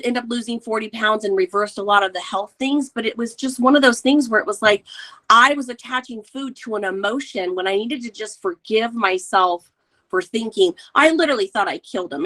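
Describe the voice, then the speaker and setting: A woman in her forties, a wellness coach guest, telling personal stories in an earnest, emotional way. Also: fairly high pitch. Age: 40s. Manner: emotional, earnest, animated retelling. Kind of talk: candid personal storytelling.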